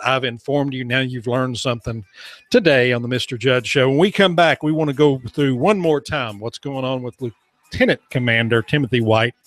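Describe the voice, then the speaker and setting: A man's voice: medium pitch, a bit bright, no echo, clean studio sound. Sarcastic rambling male radio host. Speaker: radio talk show host. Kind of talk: opinionated talk radio monologue. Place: radio studio. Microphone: studio microphone.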